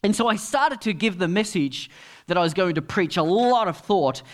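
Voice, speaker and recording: A middle-aged man preaching a sermon as pastor, telling stories and dropping to quiet asides. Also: high voice, lively intonation, moderate pace. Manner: storytelling, with dramatic drops to quiet asides.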